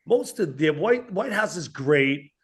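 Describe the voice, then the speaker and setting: A man's voice: fairly high pitch, a little slow. A man, a comedian guest telling stories in casual chat and acting out quoted lines. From Atlantic City, New Jersey. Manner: animated, acts out quoted dialogue in his stories.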